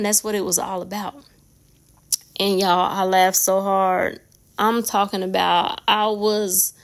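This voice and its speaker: A hoarse woman hosting her nail channel, chatting casually and directly to her viewers. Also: mid-range voice, fairly bright tone. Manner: chatty, talks straight to viewers with frequent "y'all". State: hoarse, voice nearly gone.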